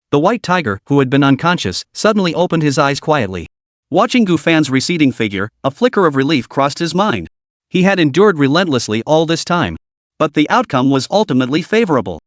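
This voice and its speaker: Give me a man narrating a dramatic comic recap, animated, with a dry close sound. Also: on the high side, no echo. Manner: steady dramatic storytelling.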